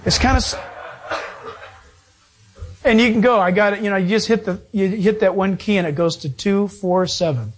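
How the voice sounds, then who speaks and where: A man preaching as pastor, animated, with sudden swings in pitch and joking asides. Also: moderate pace, pauses often. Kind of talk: sermon.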